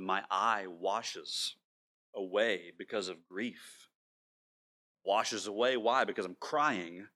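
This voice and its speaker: With a lowish, fairly bright voice, this male pastor preaches earnestly, now and then repeating himself and slowing his delivery for emphasis.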